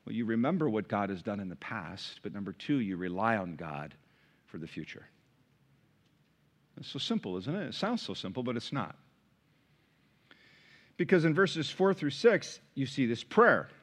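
A middle-aged man preaching a sermon as pastor, conversational and animated, with sudden high bursts. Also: moderate pace, long pauses. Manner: animated, conversational, sings hymn lines.

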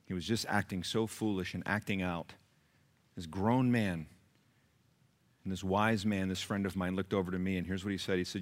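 A man preaching a sermon to a congregation, emphatic and repetitive, jumping from loud peaks to quiet asides. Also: sits low, steady tone, moderate pace. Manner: repeats phrases for emphasis. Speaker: pastor.

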